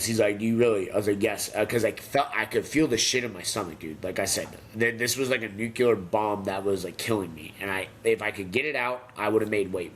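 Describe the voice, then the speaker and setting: A man's voice: lowish voice, a little hiss or hum. A young man, a professional fighter, telling stories from his career in a casual interview, swearing freely and acting out what others said. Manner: animated, profane, acts out quoted voices. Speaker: pro MMA fighter, interview guest. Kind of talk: casual storytelling.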